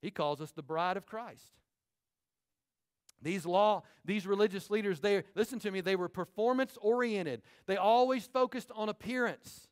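A high-voiced male pastor delivers a sermon in a church sanctuary. His preaching is animated, broken up by quick asides to the congregation.

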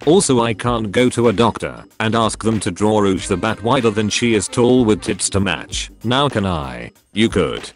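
Meme narrator, male, deep-ish voice, deadpan read of funny posts over soft music. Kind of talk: reading funny posts aloud.

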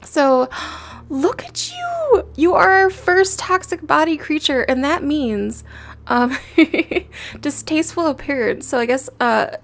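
A woman hosting a casual let's-play, gushing and easily excited as she talks through the game with lots of fillers. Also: high voice, vocal fry, a little hiss or hum. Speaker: gaming channel host.

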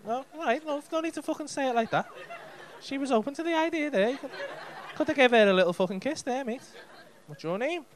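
A man's voice: extremely high pitch, expressive, quick pace. A man in his thirties with a Liverpool accent, doing cheeky, sweary crowd work as a stand-up comedian on a club stage. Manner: cheeky, sweary banter with the audience.

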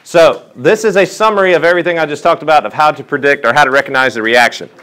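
Working through problems with a chemistry class, a man keeps asking his students questions during the lesson. He talks fast in a slightly high voice, with the lively, probing style of a teacher.

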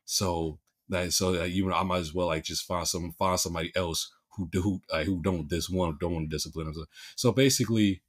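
A man's voice: deep voice, fairly even intonation, a little fast, few pauses. A male podcast host with a Philadelphia accent, chatting casually and restarting his sentences often with repeated words.

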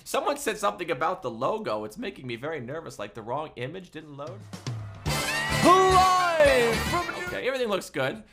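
A man teaching a livestreamed music class for small children, talking in an animated, sing-song way. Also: fairly high pitch, quick pace, few pauses.

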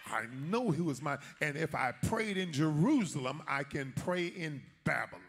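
A man's voice: on the high side, expressive, moderate pace, vocal fry, a bit bright, slight background noise. A man preaching in a sermon voices a devout young male captive who prays boldly and refuses to hide his faith, speaking in an emphatic, colloquial way. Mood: defiant.

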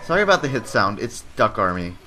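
A man's voice: lowish voice, very animated, quick pace. A man giving jokey, sarcastic commentary over game footage as the host of a gaming channel. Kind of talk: gameplay commentary.

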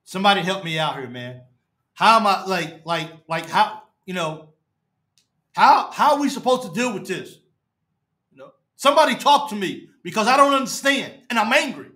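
A man hosts a fan show live from his apartment, distraught and halting. His voice sits high and bright. He repeats himself, stumbles over words, and often sinks low and quiet at the end of a phrase. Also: lively intonation. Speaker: fan podcast host. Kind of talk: emotional live-stream rant.

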